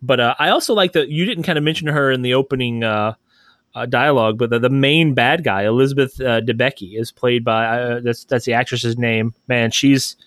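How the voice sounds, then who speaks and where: A man's voice: mid-range voice, fairly quick, fairly bright tone, no room sound, studio quality. A man co-hosting a podcast, talking through a film review with many hesitations and fillers. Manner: hesitant, filler-heavy, laughing easily. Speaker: podcast co-host. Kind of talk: casual film review chat.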